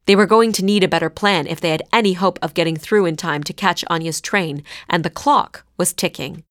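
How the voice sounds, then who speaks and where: A woman narrating a scripted story in a clear, measured way. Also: lowish voice, no room sound, studio quality.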